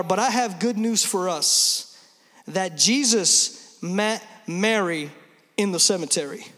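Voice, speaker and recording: A man in his thirties, a pastor, gives an Easter sermon in a fairly bright voice pitched very high for a man. He alternates emphatic points with quick humorous asides, while long reverb fills the large church hall around him.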